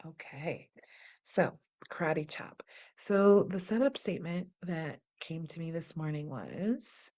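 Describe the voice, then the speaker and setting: A woman hosting a guided wellness practice, calm and unhurried, describing her body sensations as she goes. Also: low-pitched. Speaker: host leading a guided practice.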